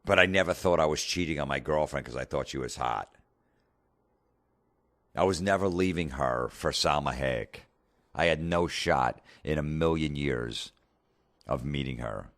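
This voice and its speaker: A middle-aged comedian from New Jersey, ranting sarcastically and swearing constantly as a podcast host. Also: male voice, a bass voice, unhurried, pauses often, fairly bright tone, no room sound, studio quality. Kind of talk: profane comedic rant.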